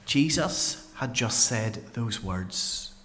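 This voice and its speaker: A man performing a dramatic first-person Bible monologue as a paralysed man healed by Jesus, with earnest storytelling and dramatic pauses. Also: medium pitch, expressive, a bit bright, slight background noise. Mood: tense.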